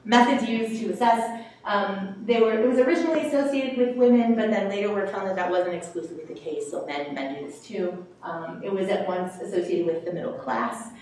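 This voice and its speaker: A woman sociolinguist lectures in a relaxed, explanatory way, dropping frequent ums as she goes. Her voice sits at a middle pitch and is picked up from a distance. The room around her rings with heavy echo over faint background noise. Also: brisk.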